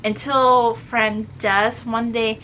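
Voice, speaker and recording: Bright-voiced chatty woman retelling a story. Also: fairly high pitch, flat delivery, a little hiss or hum. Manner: chatty, acts out quoted lines with quick voice shifts. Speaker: book reviewer.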